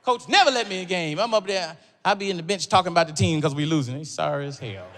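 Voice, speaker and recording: A man doing stand-up comedy on stage, telling a story with animated, yelping jumps in his voice. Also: fairly high pitch, fast. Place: comedy stage before a live audience. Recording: live stage audio with crowd noise.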